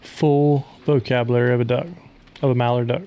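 A man's voice: mid-range voice, level tone, brisk, dark tone, clean tone. Plainspoken man, podcast guest. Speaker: podcast guest, duck call maker. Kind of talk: casual interview talk.

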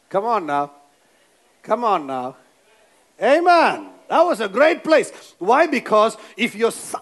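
High, lively male preacher calling for amens. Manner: emphatic, repeats phrases, prompts the congregation for amens. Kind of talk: sermon.

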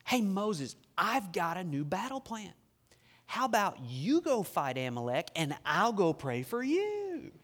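A preacher doing a sarcastic young warrior. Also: male voice, high-pitched, wildly swooping pitch, a little slow, fairly bright tone, big-room sound, exaggerated voice.

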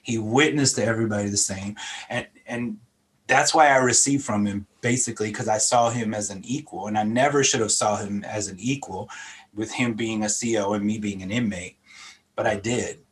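A man's voice: lowish voice, normal speed, a little hiss or hum. A middle-aged man from Philadelphia giving an earnest personal testimony in an interview, reflective and repeating words as he gathers his thoughts. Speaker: interview guest sharing testimony.

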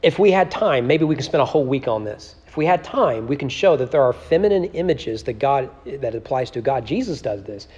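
A man's voice: medium pitch, animated, fairly quick, few pauses, a little mellow, long reverb tail, dull audio. A man teaching a church Bible study in a conversational way, often asking "right?" and reading scripture aloud with emphasis. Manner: conversational, repeats words and tags lines with "right?".

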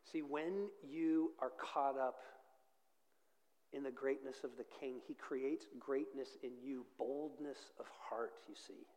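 A middle-aged man preaching a sermon as pastor, swinging from hushed, slow phrases to loud, fervent climaxes. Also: mid-range voice, steady tone. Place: large church hall. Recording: long hall reverb.

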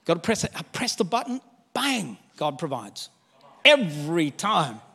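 An older man preaching a sermon as pastor, candid and animated, with humor and acted-out quotes. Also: fairly high pitch, measured pace, vocal fry, slight background noise. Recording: long hall reverb.

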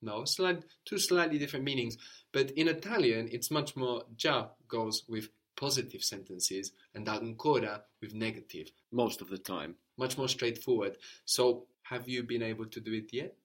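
A male language teacher with a medium-pitched, fairly bright voice speaks at a normal speed. Patient and encouraging, he walks a learner through drills in a guided lesson, spelling words out as he goes.

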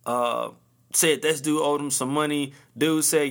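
Alone at the mic, a podcast host in his early thirties loosely rambles in slang-heavy, relaxed talk. His voice sits on the high side, sing-song and fairly bright, at a moderate pace.

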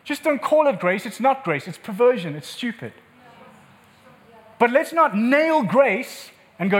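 A man's voice: very high voice, big pitch swings, measured pace. A male pastor preaching an impassioned, emphatic sermon in a church meeting room, repeating words for force.

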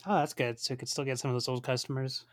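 A man's voice: mid-range voice, little pitch movement, fast talker, no echo, studio quality. A man co-hosting a podcast, reacting with short quips and frequent laughter. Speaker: podcast co-host. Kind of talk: casual chat, reacting.

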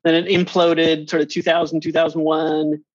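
A man's voice: fairly high pitch, normal speed, dry recording. Eager man hosting, dry dull sound. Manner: eager, animated questioning with many restarts. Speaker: podcast host. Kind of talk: conversational interview.

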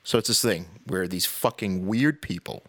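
A man's voice: deep voice, normal speed, a bit bright. A man hosting a podcast, ranting in a casual, blunt, profane way with sarcastic asides and laughs between points. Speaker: podcast host.

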